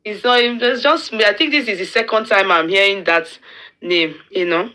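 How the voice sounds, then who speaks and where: A woman's voice: medium pitch, a little fast, pushed and bright. A Nigerian woman in a heated opinion chat, speaking emphatically and pressing questions.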